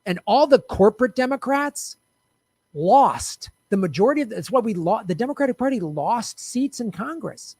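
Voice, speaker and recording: A fiery man rants to camera in a heated political commentary, blunt and profane, hammering each point home. His voice sits high for a man, and the sound is close and dry. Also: very animated, normal speed, a little mellow, dry recording.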